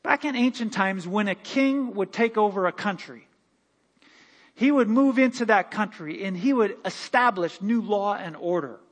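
Male pastor, high voice, animated sermon delivery, long hall reverb. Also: moderate pace. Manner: animated preaching with laughs and quoted voices. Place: church sanctuary.

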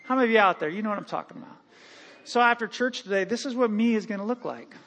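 A man with a high, light voice preaching in a church, lively and playful as he tells stories and acts out what people say. His delivery swings between loud bursts and quieter asides. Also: fast talker, slight background noise. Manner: animated, joking, lively storytelling with acted-out quotes. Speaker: pastor. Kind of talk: sermon. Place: church sanctuary.

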